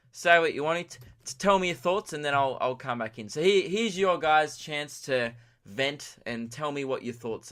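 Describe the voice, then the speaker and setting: A man's voice: medium pitch, sharp tone. A young man hosting a solo comedy podcast, tired from lack of sleep, rambling through self-deprecating tangents. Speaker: podcast host.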